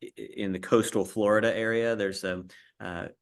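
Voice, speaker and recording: A man hosting a livestream interview with cast members, talking haltingly with many fillers and restarts. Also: on the low side, steady tone.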